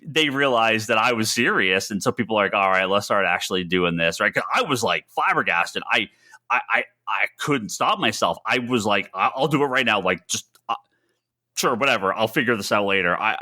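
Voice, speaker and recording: A man co-hosting a casual podcast chat, telling an animated story with many restarts. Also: lowish voice. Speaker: podcast co-host.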